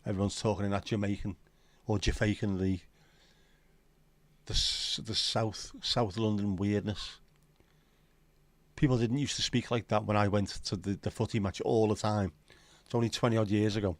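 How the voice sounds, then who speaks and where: A man's voice: fairly low pitch, steady tone, moderate pace, no echo. Sweary Liverpool man ranting on a livestream. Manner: opinionated, sweary, rambling rant. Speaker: livestream host. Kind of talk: casual chat to a live audience.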